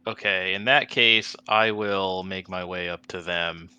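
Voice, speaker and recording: Low bright-voiced man, slow and dry. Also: steady tone, clear, resonant tone, dull audio. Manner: hesitant, thinking aloud with ums. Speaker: player. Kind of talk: playing a tabletop game.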